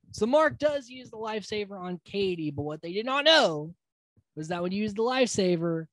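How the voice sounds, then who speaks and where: A man's voice: fairly high pitch, no echo. A man hosting a podcast, recapping a reality TV episode in a loose, rambling way with fillers and casual swearing. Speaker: podcast host.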